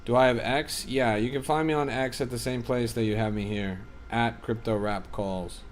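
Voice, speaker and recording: A man's voice: medium pitch, fairly even intonation, moderate pace, a little hiss or hum. A man streaming as a crypto trader, giving casual, offhand livestream commentary that is often profane as he reads and answers his chat.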